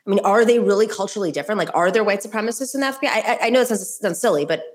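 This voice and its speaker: A woman's voice: medium pitch, racing. A woman hosting a political talk show, chatting casually with many restarts and fillers.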